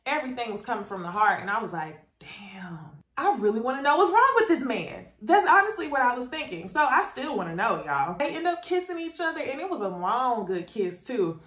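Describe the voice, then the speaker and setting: A woman's voice: on the high side, fairly quick, hardly any pauses. Chatty woman reviewing a reality show, echoey room. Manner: chatty, animated, addresses viewers as y'all. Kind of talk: casual recap commentary to camera.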